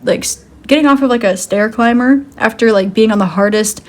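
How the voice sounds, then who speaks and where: A woman's voice: fairly high pitch, brisk. A woman giving a casual intuitive card reading, rambling with many "um"s and "like"s and laughing easily. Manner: rambling, full of "um" and "like", giggly. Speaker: tarot card reader.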